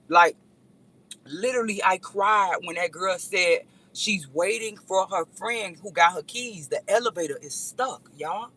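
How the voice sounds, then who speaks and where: Husky, animated woman telling a story. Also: mid-range voice, normal speed, rough recording. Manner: animated, rambling, addresses viewers directly. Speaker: vlogger. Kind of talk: casual storytelling to viewers.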